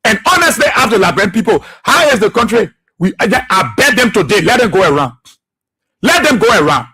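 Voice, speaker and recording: A man's voice: high voice, very animated, a little fast, pushed and bright, breathy edge. A man hosting a political radio talk show, impassioned and repetitive, firing rhetorical questions and laughing often.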